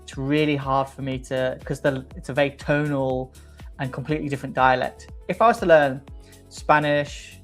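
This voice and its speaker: Laid-back man, halting chat. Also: mid-range voice, steady tone, faint music behind. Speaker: livestream co-host. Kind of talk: casual chat.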